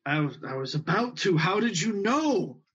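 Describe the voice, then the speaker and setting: A man's voice: high-pitched, big pitch swings, normal speed, fairly bright tone, husky. A man playing in a tabletop game, talking eagerly and casually. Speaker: player. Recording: dull lo-fi mic.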